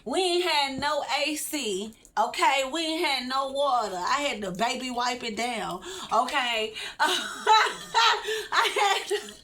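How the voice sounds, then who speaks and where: Woman, casual storytime vlog, high voice, talks straight to viewers. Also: unhurried, few pauses, a little hiss or hum. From Texas, USA. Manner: animated, chatty, laughs often, addresses viewers directly. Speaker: vlogger.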